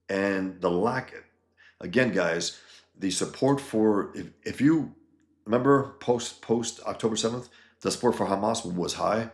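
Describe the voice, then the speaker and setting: A man's voice: lowish voice, a little slow. A man hosting a casual livestream from his new home, reading viewer comments and answering them in a heated, ranting way with swearing and frequent restarts. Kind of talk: casual live-stream talk.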